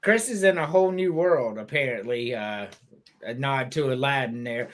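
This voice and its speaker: A podcast host with a medium-pitched voice chats casually at a moderate pace, telling stories loosely. His storytelling is animated and profane, and he swears as he laughs along.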